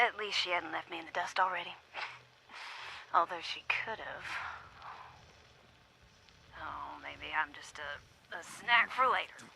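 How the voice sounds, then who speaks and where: An actress playing a bitter woman hunting a beast in a game audio log, speaking with a wry, gravelly edge. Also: lowish voice, full character voice. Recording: loud background noise.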